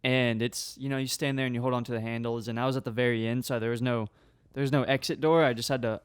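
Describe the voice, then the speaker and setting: A man's voice: mid-range voice, clean tone, no echo. A young man co-hosting a podcast, telling a rambling story in casual chat and laughing often. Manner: rambling, laughs often, slips into quoted voices. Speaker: podcast co-host.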